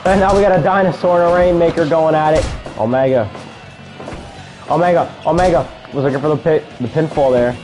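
Young male gamer, slightly high voice, excitable play-by-play over faint game music. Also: a little fast. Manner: excitable play-by-play, shouts at big moments, mutters asides. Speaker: gaming video creator. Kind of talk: casual gameplay commentary.

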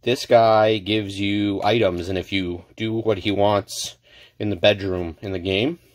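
In his home apartment, a man opens card packs for his channel, his fairly low voice unhurried with fairly even intonation and no room sound. The casual banter is punctuated by loud, theatrical, emphatic bursts.

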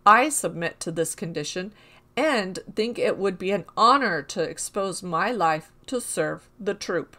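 A woman voicing a cunning male robber in disguise who coaxes and flatters in a storybook reading. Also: mid-range voice, unhurried. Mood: dutiful. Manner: coaxing, flattering.

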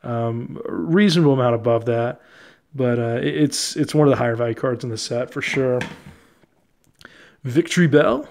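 A young man casually talking through his trading card collection, relaxed and chatty, often laughing and using fillers. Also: mid-range voice, normal speed, creaky. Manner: relaxed, chatty, easily amused, many fillers.

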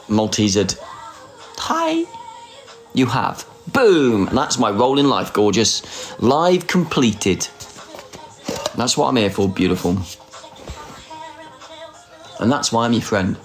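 A man in his forties chats live into a phone, flirting with viewers and mocking himself with a dry sarcastic edge. His pitch swoops widely as he teases. Soft music plays faintly behind him. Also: big pitch swings, slow pace, long pauses. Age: 40s. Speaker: livestreamer. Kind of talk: casual live chat.

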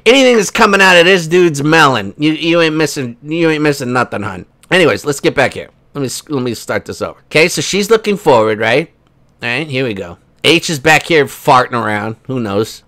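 A man's voice: on the high side, expressive, brisk, pushed and bright. A man hosting a casual commentary video, rambling and sarcastic, with many fillers. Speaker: host.

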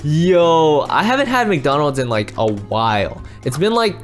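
A man hosting a casual game roleplay as a dad, excitable and rambling, full of exclamations. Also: on the high side, measured pace, faint music behind. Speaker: roleplay host playing a dad.

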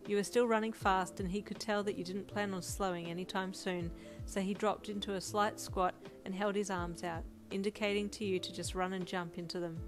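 A woman reading second-person fanfic narration in a soft, even storytelling manner. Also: mid-range voice, brisk. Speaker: audiobook narrator. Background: music.

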